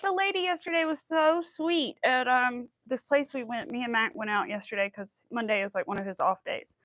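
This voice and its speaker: A woman's voice: on the high side, normal speed, background noise. A woman hosting a crochet livestream, chatting casually and rambling while she works. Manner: chatty, bubbly, rambling with many likes and ums.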